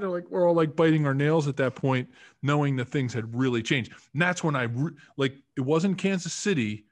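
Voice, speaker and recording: A man's voice: on the high side, a little fast, dry recording. A man in his fifties from the Philadelphia area, a former football lineman chatting as a podcast guest, telling stories with lots of acted-out quotes and fillers. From Philadelphia area, United States. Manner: chatty, animated storyteller acting out quotes. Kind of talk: casual storytelling interview.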